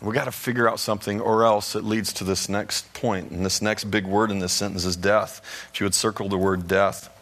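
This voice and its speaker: A male pastor giving a sermon in a conversational, storytelling manner, with lively asides to the congregation. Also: on the low side, fairly quick.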